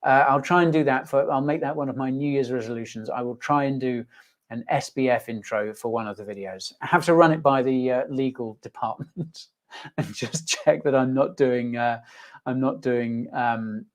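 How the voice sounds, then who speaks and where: A man hosts a casual livestream in an easygoing, jokey way. He rambles, restarts sentences and fills pauses with ums. He pokes fun at himself as he chats with viewers. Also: mid-range voice. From United Kingdom. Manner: chatty, rambling, with many fillers and restarts; jokey, self-mocking, reading viewer comments aloud. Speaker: host.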